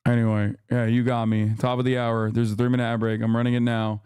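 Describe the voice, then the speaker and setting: A male streamer giving animated, profane, sarcastic live commentary in a casual rant. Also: medium pitch, fast, smooth, dry recording, studio quality.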